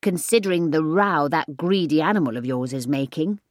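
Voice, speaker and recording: A woman's voice: low-pitched, expressive, normal speed, no echo, clean studio sound. A woman voicing an easygoing, mildly grumbling father in a storybook reading.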